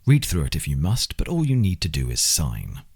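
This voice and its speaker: A man voicing a smug, sneering oligarch with a thick Slavic accent, drawling each word slow and menacing in a low, husky voice. An audiobook villain who sounds certain he holds all the power. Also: wildly swooping pitch, darkish tone, exaggerated voice. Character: sneering middle-aged male oligarch boss. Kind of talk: audiobook character reading.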